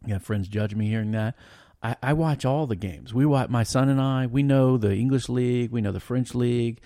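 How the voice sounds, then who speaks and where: A man talking as a podcast guest, telling stories in a rambling, animated way with lots of restarts. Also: mid-range voice, a little fast, dry recording, clean studio sound. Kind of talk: casual storytelling chat.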